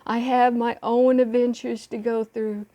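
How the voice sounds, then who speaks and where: A woman's voice: a little high, little pitch movement, measured pace, dark tone, highs cut off, close to an everyday voice. A woman voicing a restless little boy, eager for adventure, speaking firmly.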